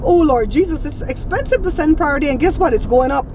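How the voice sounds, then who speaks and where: A woman vlogger telling a story in a casual, animated way, indignant and blunt. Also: high voice, fast talker, over music.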